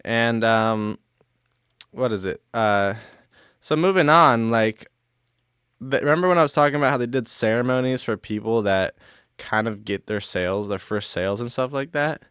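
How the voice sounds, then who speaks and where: A man's voice: medium pitch, normal speed, fairly bright tone, clear, resonant tone, dry recording, studio quality. A young man telling a casual storytime, rambling, leaning heavily on "like" as a filler and cursing freely. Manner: rambling, filler-heavy with constant "like" and swearing.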